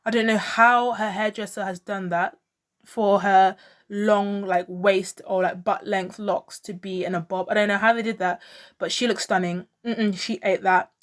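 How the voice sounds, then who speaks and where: A woman's voice: mid-range voice, steady tone, normal speed. A woman talking casually to camera as a pop culture vlogger, chatty and opinionated, full of fillers and gushing exclamations. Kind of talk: casual fashion commentary.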